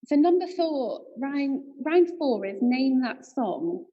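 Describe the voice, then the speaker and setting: A woman's voice: high-pitched, sing-song, slow pace, highs cut off. A woman co-hosting a livestream music quiz, friendly and giggly, with plenty of fillers. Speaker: quiz co-host.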